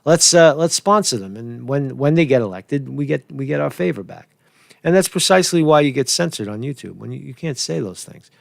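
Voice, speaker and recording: A man giving casual political commentary, rambling and profane, repeating "right?" and chuckling at his own lines. His voice is gravelly, and it sits in a dry, close recording. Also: mid-range voice, expressive, brisk, no echo. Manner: restarts sentences, chuckles at his own jokes.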